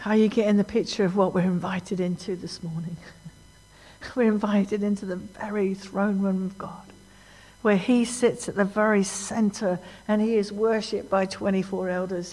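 A woman preaching a sermon in a church, animated and emphatic, often asking the congregation questions. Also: medium pitch, normal speed. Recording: long hall reverb.

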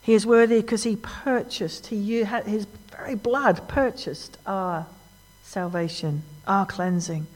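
A woman delivers a sermon with animated emphasis, her pitch sitting in an ordinary middle range. She often stops to ask the congregation questions. Her voice carries a long reverb from a large church hall. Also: unhurried. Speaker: preacher.

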